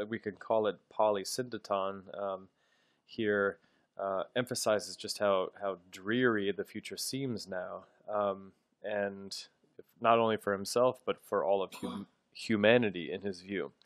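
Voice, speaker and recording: A low-voiced man works through a literature lecture, thinking aloud as he goes. He pauses often with ums and doubles back on his phrases. The sound is dry and close, with no room around it. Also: no echo. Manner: thoughtful, halting, with frequent ums and restarts. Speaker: literature teacher.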